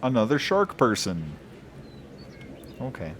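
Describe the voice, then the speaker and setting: A man's voice: medium pitch, wildly swooping pitch, slow pace, a bit bright, a little hiss or hum. A man streaming a video game, reading lore aloud in a casual way, stumbling over odd names and chuckling.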